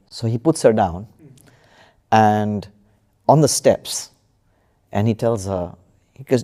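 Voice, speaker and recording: A man's voice: lowish voice, unhurried, long pauses, warm tone. A man telling a true story as a podcast guest, hesitant, with many fillers and restarts. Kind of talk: casual storytelling in conversation.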